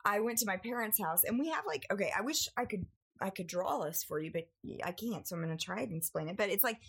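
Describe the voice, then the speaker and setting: A young woman in casual storytelling on a podcast, animated and acting out family members as she goes. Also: quick pace, breathy edge. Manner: animated, acts out family members with big pitch jumps. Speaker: podcast co-host.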